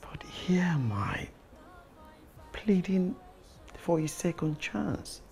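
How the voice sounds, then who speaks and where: A man's voice: high-pitched, very animated, slow pace, vocal fry, darkish tone, faint music behind, heavily acted. A man playing a remorseful husband earnestly pleading with his wife for a second chance. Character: remorseful young husband begging for forgiveness.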